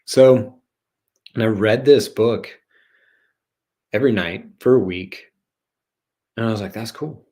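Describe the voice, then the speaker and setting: Playful rambling man, lowish voice. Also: slow pace, pauses often, dark tone. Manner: playful and rambling, swears, jokey rhymes. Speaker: host of a spiritual channel show. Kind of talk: casual rambling livestream monologue.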